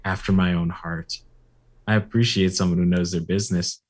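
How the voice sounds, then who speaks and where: A man playing a sly, slick male tour guide who talks smoothly and puts on a show. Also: low-pitched, fairly even intonation, moderate pace. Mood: smooth-talking. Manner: smooth-talking, showy.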